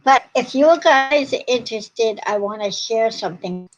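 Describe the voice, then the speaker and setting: A tired woman hosting a casual livestream at home, talking slowly and greeting viewers in the chat. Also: on the high side, animated, highs cut off. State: yawning and tired. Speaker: livestream host.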